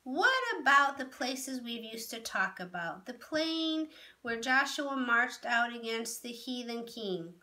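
Storybook young girl, read by a woman: earnest, hopeful, a touch pouty; bright, high and slow. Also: animated, full character voice. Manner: earnest, protesting.

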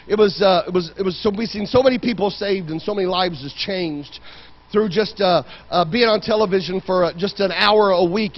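A male pastor preaching a fervent sermon in a church, swinging from loud shouting to quiet storytelling. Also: high voice, highs cut off. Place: church sanctuary.

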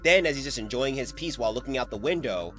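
Male recap creator, mid-pitched and lively, casual slang, faint music underneath. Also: quick pace. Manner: slangy, animated and emotionally invested.

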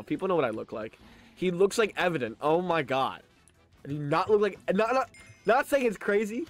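A young streamer in his late teens, talking in a slightly high, very lively voice. His mouth is held open by freshly adjusted braces, so every word comes out slurred, wet and lisping. He jokes with his chat, laughs often and trips over his own restarts. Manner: chatty and joking, laughs often, stammers on restarts. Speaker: live streamer. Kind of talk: casual live-stream chat, reading chat aloud.

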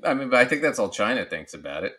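A man's voice: mid-range voice, big pitch swings, fast talker, sharp tone. A man co-hosting a podcast, giving casual, joking commentary on a video clip and laughing often. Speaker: podcast co-host.

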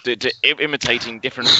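A man's voice: mid-range voice, creaky, muffled recording, very noisy. A man in an improv scene playing a nervous man who stammers and breaks into squawking parrot calls. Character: nervous man addicted to bad bird calls. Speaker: improv player.

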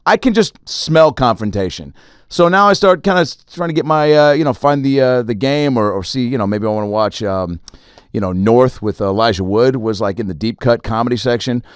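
Brief: male podcast host, quick animated storyteller who acts out voices, dry studio mic. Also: medium pitch, clear, resonant tone, dry recording. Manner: animated, acts out other people in his stories. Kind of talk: casual storytelling chat.

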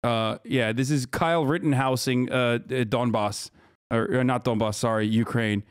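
A man's voice: mid-range voice, fairly even intonation, clean tone, no room sound, clean studio sound. Profane, incredulous male streamer. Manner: profane, incredulous, rapid-fire reactions. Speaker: streamer reacting to live news. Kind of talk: live stream commentary.

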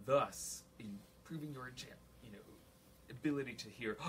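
A man's voice: mid-range voice, measured pace, a little hiss or hum. A man teaching a flute masterclass to an audience, singing rhythms on syllables, counting aloud and joking as he coaches. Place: recital room with an audience.

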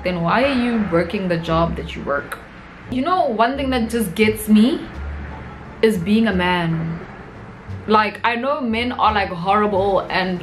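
A young South African woman vlogging a comedic rant, animated and mixing local slang into her English. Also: mid-range voice, a little hiss or hum, rough recording.

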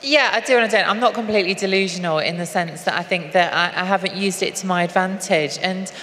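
A woman's voice: lowish voice, a bit bright. A woman activist speaking earnestly on stage at a live event, often restarting her sentences. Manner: earnest, halting with frequent restarts. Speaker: activist and guest. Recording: long hall reverb, faint noise.

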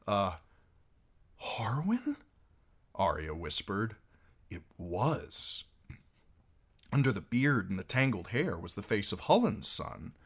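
A man narrating a fantasy novel chapter as an amateur audiobook reader, reading expressively. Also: fairly low pitch.

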